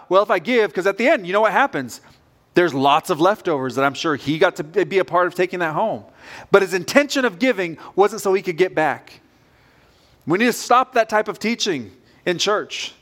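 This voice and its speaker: A man's voice: high voice, a bit bright. A man preaching a sermon as pastor, earnest and direct in a conversational way.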